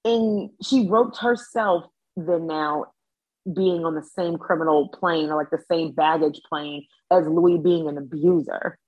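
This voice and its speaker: A woman's voice: deep voice, unhurried, slightly rough, muffled recording. A woman guesting on a podcast, chatting casually in a blunt, sassy way and often acting out what others said. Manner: sassy, blunt, quotes people in mock voices. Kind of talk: casual chat.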